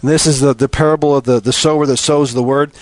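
A man preaching a sermon, building from steady teaching to impassioned, emphatic appeals. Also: mid-range voice, quick pace.

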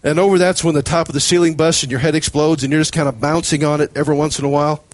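A man preaching a sermon in a relaxed, conversational way, telling stories and acting out prayers in his own voice. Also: on the high side, racing, no room sound. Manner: conversational, storytelling, acts out quoted prayers.

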